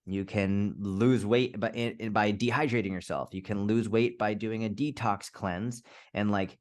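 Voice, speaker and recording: A man's voice: fairly low pitch, fairly even intonation. A man being interviewed as a fitness coach, speaking casually and candidly, swearing now and then and acting out little scenarios. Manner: candid, swears, quick restarts, acts out scenarios. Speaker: fitness coach, podcast guest.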